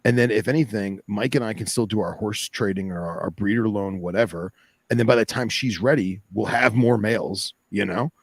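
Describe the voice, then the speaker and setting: A man's voice: lowish voice, a little fast, breathy edge, no room sound. A man co-hosting a podcast in laid-back, enthusiastic casual chat. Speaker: podcast co-host.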